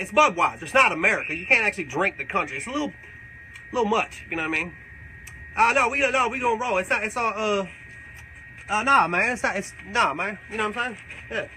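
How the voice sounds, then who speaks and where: A man's voice: high-pitched, pushed and bright, slight background noise, full character voice, poor audio. A man playing a crude rambling backwoods man. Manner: profane, rambling, boastful drawl. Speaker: comedic character. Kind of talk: live comedic Q&A in character.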